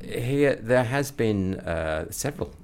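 A man's voice: slow, clean tone. A man telling a comic story as an interview guest, acting out the voices of the people in it. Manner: animated storyteller, acting out voices with rising pitch. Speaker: comedy performer and guest. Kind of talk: anecdotal storytelling.

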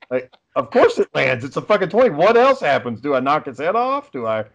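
A man's voice: on the high side, a bit bright. A man telling rambling, profane stories in casual chat with friends.

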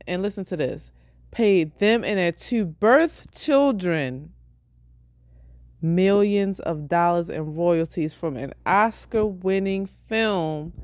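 A woman's voice: on the low side, a little mellow, no room sound, clean studio sound. A woman co-hosting a podcast, chatting casually and laughing through banter about a fraud case. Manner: laid-back, laughing banter. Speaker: podcast co-host. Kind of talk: casual chat.

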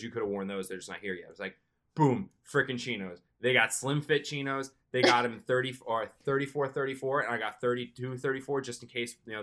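Bright-voiced young man telling a story. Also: fairly low pitch. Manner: animated, jumps into excited quoted self-talk. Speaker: podcast co-host. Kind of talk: casual storytelling.

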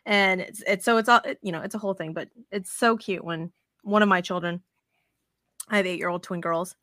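A woman's voice: on the low side, steady tone, brisk, a bit bright, dry recording, clean studio sound. A woman in her thirties chatting as a podcast guest, telling swear-filled stories with quoted back-and-forth. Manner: profane, storytelling with quoted dialogue. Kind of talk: casual chat.

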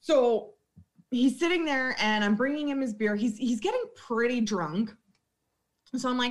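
A woman's voice: on the high side, expressive, measured pace. A young adult woman bartender telling bar stories in casual chat, blunt and profane, laughing often and acting out her customers.

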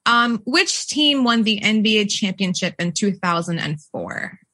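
A woman's voice: mid-range voice, lively intonation, measured pace, a bit bright. A woman running a trivia quiz on a casual podcast, giggling and teasing the players.

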